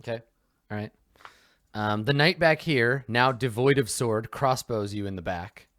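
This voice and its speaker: A man's voice: mid-range voice, a little slow, a bit bright, no echo, clean studio sound. A man running a tabletop game as game master, narrating the action casually with many fillers.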